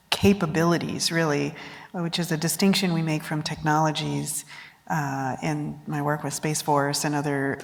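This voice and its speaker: Moderator, female, very low with vocal fry, friendly, long hall reverb. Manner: friendly, laughs often, poses questions. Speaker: panel moderator. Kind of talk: moderating a conference panel. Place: large conference hall.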